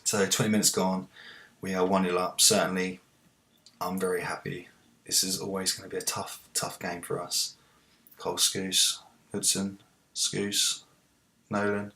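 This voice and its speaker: A very deep-voiced man commentates on his own football management game in a relaxed, chatty way. He talks through tactics and matches, and erupts into excited cheers when his team scores. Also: measured pace, pauses often. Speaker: let's play host.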